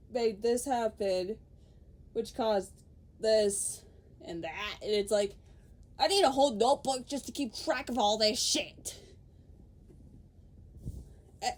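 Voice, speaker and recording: Brash, animated young woman ranting. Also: fairly high pitch. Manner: animated, swearing, laughing, quoting in put-on voices. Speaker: podcaster. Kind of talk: ranting casual chat.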